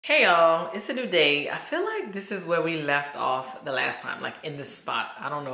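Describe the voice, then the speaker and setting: Chatty woman vlogger, bright echoey room. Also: low-pitched. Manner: chatty, candid, says y'all a lot. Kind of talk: casual vlog chat to camera. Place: at home.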